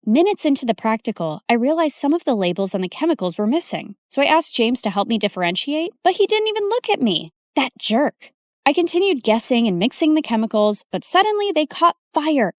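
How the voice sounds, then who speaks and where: Expressive woman narrating a teen drama story. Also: fairly high pitch, no echo, studio quality.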